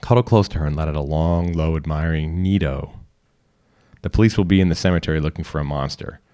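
A man reading a short story aloud in calm, instructional second person. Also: rumbling low, quick pace. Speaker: reader. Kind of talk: scripted narration.

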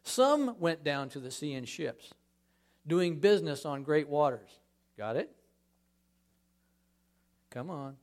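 A man giving a conversational sermon in a church as a guest speaker, acting out scripture scenes with lively emphasis. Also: fairly high pitch, takes it slowly, pauses often.

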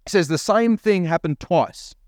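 A man's voice: high-pitched, animated, moderate pace, darkish tone, no echo. Man preaching in a dry room. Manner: preaching with rhetorical questions to the congregation; reads scripture aloud, voicing the prophet's lines. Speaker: pastor. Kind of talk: sermon.

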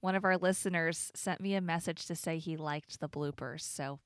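A woman's voice: low voice, fairly even intonation, moderate pace, dry recording. A woman from the Chicago suburbs, co-hosting a podcast and talking earnestly in a casual, filler-heavy way. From Chicago suburbs, USA. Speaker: podcast co-host. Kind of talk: casual chat.

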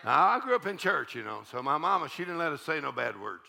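Gravelly, bright-voiced man preaching a sermon. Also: a little high, big pitch swings, fast talker. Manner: fiery, shouting exhortation, then folksy storytelling with laughs. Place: church service.

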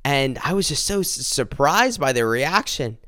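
A man earnestly telling a personal faith testimony, halting and restarting as he speaks directly to his listeners. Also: mid-range voice, big pitch swings, bright, forceful tone, dry recording, clean studio sound.

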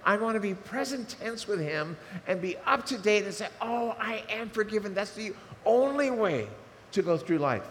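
Male pastor, high voice, passionate sermon delivery in a reverberant hall. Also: moderate pace. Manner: animated, swings from loud fervor to hushed asides. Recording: reverberant hall with faint noise.

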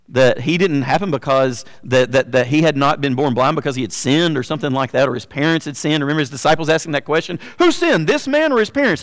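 A man giving a sermon as pastor, conversational with frequent fillers, slowing down to stress key words. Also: a little high, big-room sound.

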